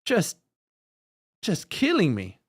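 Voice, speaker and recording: Animated man chatting on a livestream. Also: sits high, slow, breathy edge. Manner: animated, laughs often, trails off and restarts. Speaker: podcast host. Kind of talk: casual live-stream chat.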